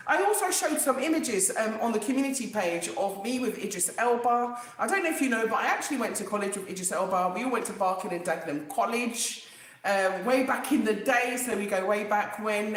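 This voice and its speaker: A woman, hosting a casual live stream, animated and emphatic, repeating herself and talking straight to viewers. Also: medium pitch. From England. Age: 50s. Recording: very echoey room.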